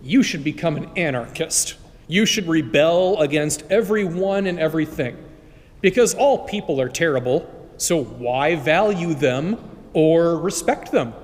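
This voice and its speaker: A pushy inner recruiter voice, put on by a priest. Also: male voice, on the high side, lively intonation, unhurried. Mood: coaxing. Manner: persuasive, salesy. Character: pushy recruiter voice in a man's head. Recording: long church reverb.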